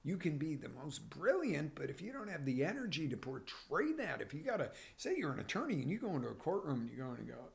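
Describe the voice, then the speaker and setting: A man hosting a live motivational coaching show, talking with energy and swinging from near-whispers to loud bursts. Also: fairly high pitch, fast talker, vocal fry, hardly any pauses. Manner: energetic, animated, drops to whispers then surges loud. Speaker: life coach and show host. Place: broadcast live on social media.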